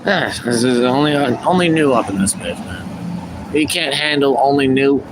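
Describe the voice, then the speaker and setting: A man's voice: mid-range voice, expressive, normal speed, noisy background. Profane rambling male live streamer. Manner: profane, ranting, self-help preaching.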